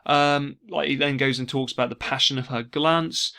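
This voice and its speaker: A man teaching an exam revision lesson, explaining steadily and slowing down to stress key words. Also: medium pitch, fairly even intonation, vocal fry, bright, forceful tone. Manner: explanatory, repeats key words slowly for emphasis. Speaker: English teacher.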